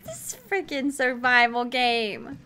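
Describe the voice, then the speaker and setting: A woman's voice: on the high side, lively intonation, takes it slowly, sharp tone. A young woman streaming a horror game, reacting expressively with swearing and laughter. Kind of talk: gaming commentary.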